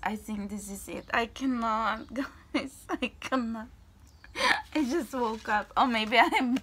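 A woman giving a casual tarot reading to her viewers, gushing and excitable, repeating herself and calling them guys. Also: medium pitch. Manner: gushing and excitable, often breaking into squeals and whispers. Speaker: tarot card reader.

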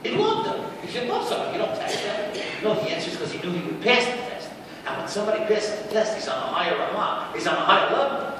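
A man lectures as a rabbi, his voice pitched high. He tells his story with animation and slips into the voices of the people in it. He sounds distant from the mic, caught in the long echo of a big hall with a steady hiss of noise underneath. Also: fast talker. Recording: echoey hall recorded from far off with background noise.

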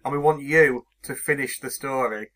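A man's voice: mid-range voice, normal speed, crowd noise. A man co-hosting a podcast, chatting casually, teasing his partner and chuckling as he reads out silly titles. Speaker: podcast co-host. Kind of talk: casual chat.

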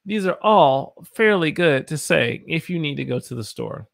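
A man from the Southern United States teaches English on a live stream, upbeat and playful, reading chat comments aloud and doing playful voices. His voice is on the high side, expressive, creaky and a bit bright, at a moderate pace.

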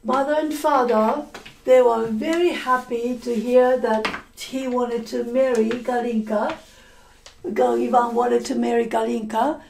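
A woman teacher telling a story to language learners, slowly repeating and explaining words, often correcting herself. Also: a little high, darkish tone, slight background noise.

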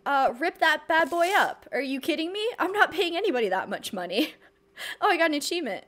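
A woman's voice: high voice, lively intonation, fairly quick, a bit bright. A woman hosting her gaming channel, giving playful, giggly let's play commentary into a desk microphone. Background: game music.

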